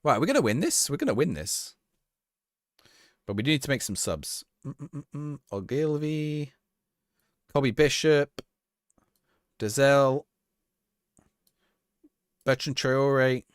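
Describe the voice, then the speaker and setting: A man's voice: mid-range voice, lively intonation, takes it slowly, long pauses, no echo, clean studio sound. Chatty man streaming a game. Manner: chatty, rambling, laughs easily. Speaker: live streamer. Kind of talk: casual gameplay commentary, reading chat.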